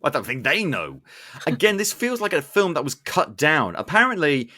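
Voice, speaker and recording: A man hosting a podcast, recapping a film in casual chat with animated, sarcastic asides. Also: on the high side, moderate pace. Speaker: podcast host.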